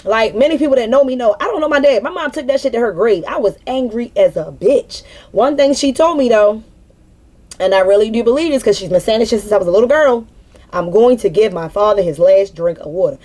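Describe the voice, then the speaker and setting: A woman's voice: a little high, expressive, fast, mellow. A young woman venting in an unscripted spiritual monologue, blunt and profane, preaching with repeated emphatic phrases. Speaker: spiritual vlogger.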